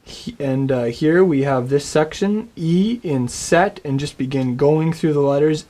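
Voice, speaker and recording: A man teaching a recorded Hebrew lesson, friendly and encouraging, saying words slowly and getting the listener to repeat them. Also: on the high side, mellow. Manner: friendly, encouraging, models pronunciation aloud.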